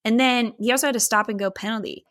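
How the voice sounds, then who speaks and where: A woman's voice: on the high side, fairly even intonation, fast talker, fairly bright tone. A woman co-hosting a podcast in casual chat, swearing freely, laughing often and steering the questions. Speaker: podcast co-host.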